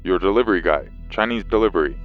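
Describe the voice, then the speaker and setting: A man reading a story and voicing the lines of a quiet, unsettling adult male delivery driver, halting and flat. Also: deep voice, phone-quality sound, soft background music, close to an everyday voice.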